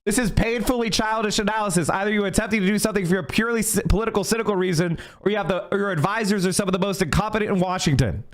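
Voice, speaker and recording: A man's voice: sits high, racing, few pauses, a bit bright. A man streaming a heated political rant, angry and profane, fired up as he goes. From United States.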